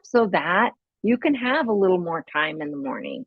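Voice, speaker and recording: A woman's voice: lowish voice, very animated, moderate pace, slightly rough, no room sound. A middle-aged woman hosting a podcast, giving casual parenting advice in a chatty way, laughing often and acting out little scenes. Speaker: podcast host. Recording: dry, dull lo-fi sound.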